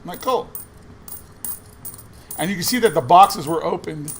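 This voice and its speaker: Sorting coins for his coin roll hunting vlog, a man casually tells a rambling anecdote, quoting what other people said along the way. His voice is on the high side and measured in pace, with slight background noise.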